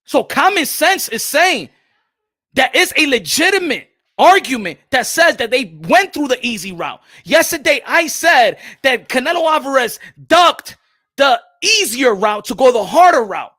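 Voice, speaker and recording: A man hosting a boxing channel, giving animated livestream commentary, switching between English and Spanish and repeating phrases for emphasis. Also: very high-pitched, unhurried, dry recording, studio quality.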